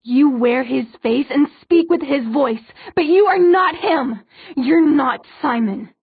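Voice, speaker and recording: A woman's voice: a little high, a little slow, dry recording, full character voice. A woman playing a screaming, terrified mother. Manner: screaming, rough with terror. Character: terrified mother, shrieking at a son she calls a monster. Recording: tinny narrow-band audio, dry.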